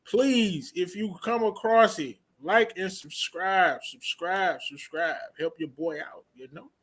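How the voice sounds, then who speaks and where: A man's voice: sits high, slow pace, a bit bright. A man hosting a review show in a casual chat, hyping up his big announcements and stretching out titles.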